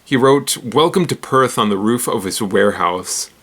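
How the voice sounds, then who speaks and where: A man hosts a casual roundup of odd news stories at an ordinary mid pitch. He rambles, fumbles names and restarts his sentences. He giggles at his own lines and makes fun of himself. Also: animated, normal speed, breathy edge. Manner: rambling, giggly, self-deprecating. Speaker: host.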